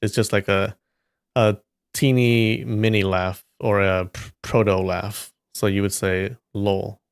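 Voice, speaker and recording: Male stream host, lowish voice, dry close sound, jokey banter with his chat. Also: little pitch movement, takes it slowly, gravelly, smooth, dry recording. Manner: joking, teasing banter with frequent laughs. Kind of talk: casual chat with stream viewers.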